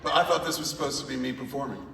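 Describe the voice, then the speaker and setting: A man's voice: mid-range voice, racing, vocal fry. A middle-aged man telling a profane comic anecdote to a live convention audience on stage. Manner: profane, animated storytelling. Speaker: guest at a convention Q&A panel. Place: large convention hall stage. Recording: echoey hall, voice from far off, crowd noise. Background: audience in a large hall.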